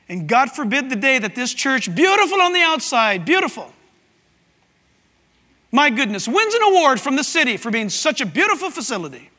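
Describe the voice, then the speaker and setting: A man preaching a sermon as pastor, animated and breaking into shouts to act out scripture. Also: extremely high pitch. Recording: long reverb of a large hall.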